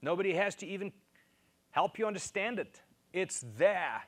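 Male preacher, fairly high voice, emphatic and repetitive in delivery. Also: moderate pace. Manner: emphatic, repeats key phrases, rises in pitch to stress points. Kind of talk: sermon.

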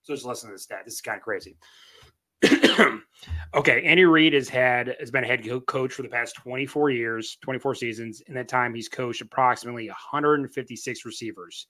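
Bright-voiced sports podcast co-host. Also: male voice, mid-range voice, a little fast. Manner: rambling, restarts and fillers, stat-heavy. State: coughing, throat-clearing, phlegmy. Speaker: co-host, Chiefs fan. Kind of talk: casual sports podcast chat.

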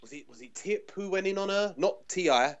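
A man's voice: sits high, expressive, no room sound, muffled recording. A man with a London accent, a podcast guest who chats casually and laughs often. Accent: London English. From England. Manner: chatty, quick to laugh, full of restarts. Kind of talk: casual pop-culture chat.

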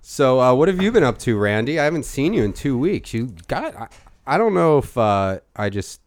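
A man co-hosting a comedy podcast, deadpan and dry, now and then breaking into shouted mock rants. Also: mid-range voice, normal speed, dry recording.

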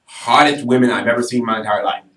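A man's voice: mid-range voice, steady tone, fast, sharp tone. Candid, joking male podcast guest. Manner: candid, joking, self-mocking. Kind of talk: casual podcast chat. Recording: roomy, mic at a distance.

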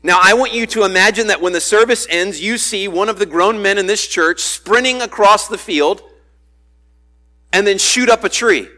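Male pastor, high and bright voice, preaching casually, playing out the quoted lines. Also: moderate pace. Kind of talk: sermon.

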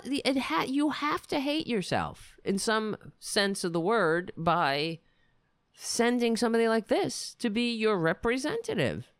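A woman's voice: a little high, dry recording, studio quality. A woman from New York hosting a casual podcast, rambling and ranting with profanity and indignation. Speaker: podcast host.

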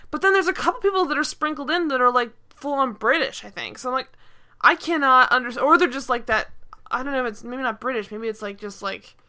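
Chatty woman with a bright voice. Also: sits high, animated, fast talker. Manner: rambling, heavy use of "like", frequent restarts. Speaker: podcast co-host. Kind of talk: casual chat reviewing a TV episode.

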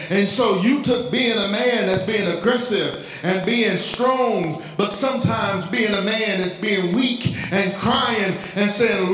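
A man's voice: high voice, slow pace, few pauses, fairly bright tone, faint music behind. A man preaching a sermon as pastor, speaking of fatherhood and lifting his voice into pleading prayer. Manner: preaching, rising to cries in prayer. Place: church sanctuary. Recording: very echoey church hall, faint noise.

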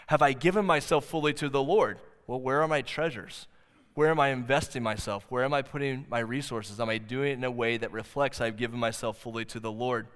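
A man preaching a sermon as pastor, earnest, slowing down to stress key points. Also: medium pitch, a bit bright. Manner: earnest preaching, slows for emphasis. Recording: long hall reverb.

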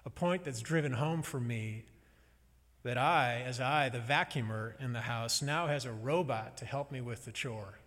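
A male pastor delivers his sermon in a conversational, wry and reflective manner. His voice sits at a middle pitch, and a long hall reverb trails each phrase. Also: normal speed, fairly bright tone.

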